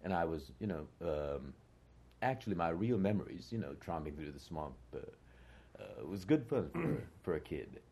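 Deep, husky older man reminiscing. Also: sing-song, normal speed, dark tone. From United States. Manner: reflective, hesitant with many fillers. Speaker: interview guest, actor. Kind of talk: conversational interview.

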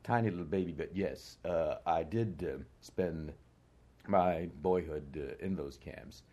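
Older man, very low voice, husky, from the United States, interview guest, reflective, hesitant. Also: a little slow, dark tone. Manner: reflective, hesitant with many fillers. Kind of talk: conversational interview.

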